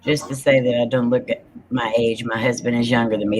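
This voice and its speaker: A woman's voice: rumbling low, level tone, brisk, darkish tone, a little hiss or hum. A woman in her forties with a Texan accent, co-hosting a casual paranormal chat and teasing the others with frequent laughter. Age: 40s. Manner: laughs often, teasing banter. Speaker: paranormal show co-host.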